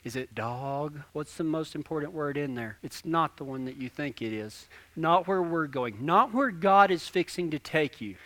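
A young man, preaching a sermon in an animated, folksy storytelling way with lots of repetition. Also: fairly high pitch. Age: 20s.

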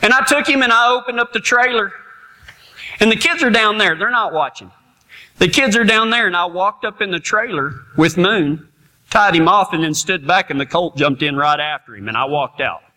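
Male preacher, middle-aged, folksy laughing storyteller, high and bright voice. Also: expressive, moderate pace. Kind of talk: storytelling sermon.

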